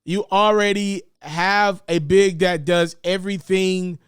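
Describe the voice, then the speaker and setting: A man giving casual, animated basketball commentary, often repeating words and jumping up in pitch for emphasis. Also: slow pace, clean tone, no room sound, clean studio sound.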